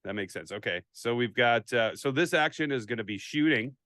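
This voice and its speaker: An easygoing man with a Minnesota accent works through a board game's rules, often restarting his sentences. His voice is smooth and clear. The sound is dry and close, with no room echo. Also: medium pitch, lively intonation, brisk, a bit bright. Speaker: player learning the game. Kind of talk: casual online game stream.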